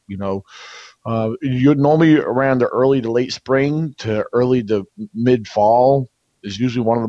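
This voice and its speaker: A man's voice: lowish voice, darkish tone, no echo, muffled recording. A man guest on a radio talk show, answering casually and rambling, with lots of fillers and restarts. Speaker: guest, researcher.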